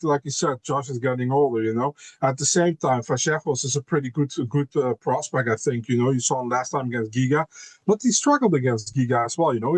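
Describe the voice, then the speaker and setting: A man's voice: mid-range voice, darkish tone, slightly rough, no room sound. A laid-back man talks casually on a podcast, often circling back on his words with "you know" and "man". His voice sits in a middle range and is recorded dry and close, with no room sound. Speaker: podcast guest, MMA co-host.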